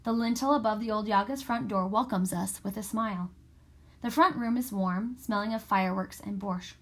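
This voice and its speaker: A woman reading a first-person story aloud in a steady, expressive way. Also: mid-range voice, normal speed. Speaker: audiobook narrator. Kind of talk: scripted first-person narration.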